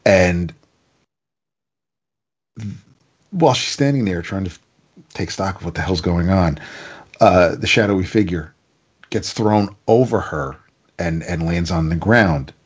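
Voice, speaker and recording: A man's voice: deep voice, breathy edge, highs cut off. A man casually reviewing a comic, recapping the plot in a rambling way with stammered restarts.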